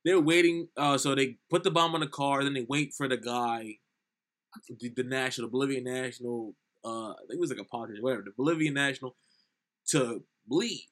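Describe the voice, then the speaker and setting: A man's voice: medium pitch, a little fast, a bit bright. A young man co-hosting a casual film review podcast, animatedly retelling scenes and acting out lines. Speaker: podcast co-host.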